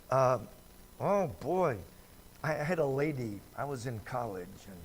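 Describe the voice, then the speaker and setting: A pastor with a voice on the high side leads a midweek Bible study in the church sanctuary, slight background noise audible. His preaching is folksy and conversational, and he often puts questions to the congregation.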